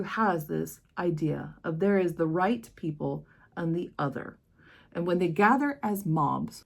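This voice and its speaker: A woman's voice: on the low side, gravelly, a little mellow. An American woman vlogging with impassioned, emphatic force, telling a personal story straight to camera. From United States. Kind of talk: emotional personal monologue.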